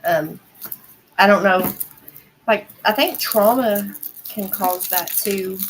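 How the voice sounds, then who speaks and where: A woman's voice: mid-range voice, slow pace, slight background noise, poor audio. A woman with a Southern American accent hosting a casual livestream, chatting in a rambling way and answering viewers' comments. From Southern United States. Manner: rambling, chatty, heavy use of "like" and "y'all".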